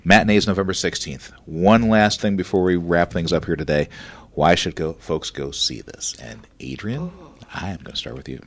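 A man hosting an interview with students, asking relaxed, encouraging questions. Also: low-pitched, normal speed, dry recording. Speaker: interview host.

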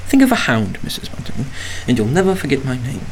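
An actor playing a pious, secretive male lodger in a radio drama, speaking in a soft, formal, preachy way that sometimes turns sharp. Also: mid-range voice, big pitch swings, a little fast, slight background noise, lightly acted. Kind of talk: 1940s radio acting.

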